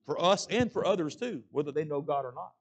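A man's voice: a little high, animated, a little fast. A middle-aged man preaching a sermon, folksy and plain-spoken, often calling out "amen?" to the congregation. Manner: preaching with frequent call-outs of "amen?" to the congregation. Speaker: pastor.

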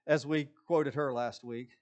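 A man's voice: medium pitch, a little mellow. A man preaching a sermon, emphatic and sarcastic in his asides. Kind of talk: sermon teaching.

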